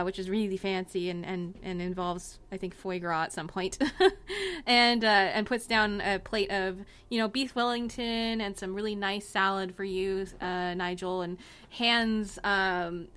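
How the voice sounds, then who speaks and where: A woman's voice: medium pitch, fairly bright tone, clear, resonant tone. A woman narrating a tabletop role-playing game as game master, rambling with many fillers and restarts.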